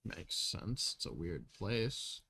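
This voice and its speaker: A laid-back former snoop, played by a man in a tabletop game. He talks relaxed and casual with a light joking edge, in a fairly low voice. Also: takes it slowly, gravelly, slight background noise, heavily acted. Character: wary male ex-professional snoop, laid-back.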